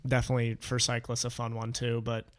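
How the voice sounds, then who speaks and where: A man's voice: medium pitch, monotone, fast talker, a little hiss or hum. Rambling man in casual podcast chat. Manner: rambling, full of restarts and fillers. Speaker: podcast co-host.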